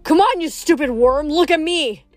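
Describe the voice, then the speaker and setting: Lady reading a teen boy hero yelling in a fight, urgent, highish voice, audiobook, faint music. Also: moderate pace, natural voice. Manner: urgent shouted lines. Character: brave teenage boy hero shouting in battle.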